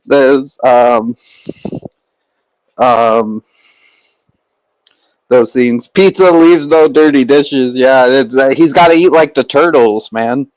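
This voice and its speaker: A man's voice: medium pitch, slow pace, long pauses, a little mellow, no echo, rough recording. A young man streaming and chatting casually with his viewers, rambling with lots of fillers and restarts.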